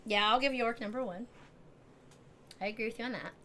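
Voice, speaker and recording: A middle-aged American woman co-hosting a live stream, chatting in a lively way and laughing often. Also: on the high side, fairly quick, slight background noise. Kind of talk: casual chat.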